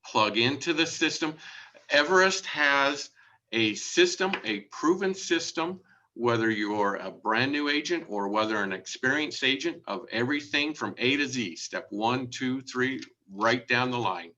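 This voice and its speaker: Bright-voiced earnest male real estate agent. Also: mid-range voice, animated, measured pace, dull audio. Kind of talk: earnest conversational sharing.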